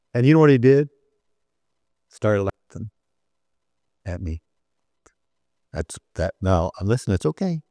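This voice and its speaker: An older man delivers a sermon in a conversational storytelling way. He pushes into emphatic, repeated lines and slows right down when he reads scripture. The sound is dry and close, and his voice sits at an ordinary middle pitch. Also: darkish tone, dry recording. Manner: storytelling, rising to emphatic preaching, slowing for scripture. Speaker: preacher.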